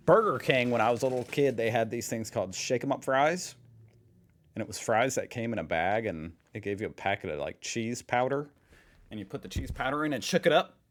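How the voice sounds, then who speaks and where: With a medium-pitched, slightly bright voice, a middle-aged American in the United States reacts to a video on his channel. He muses aloud casually and with amusement, leaning on frequent fillers as he thinks.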